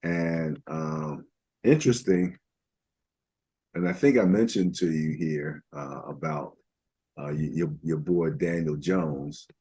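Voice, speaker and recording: On a casual football podcast, an older co-host rambles through stats, using plenty of filler words. His voice is extremely low, warm, and husky, and he speaks slowly.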